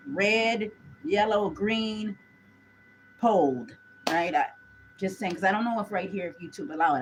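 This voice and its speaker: A woman's voice: on the low side, slight background noise, low-quality recording. A woman gives a chatty live tarot reading, talking straight to her viewers. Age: 40s. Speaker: tarot reader.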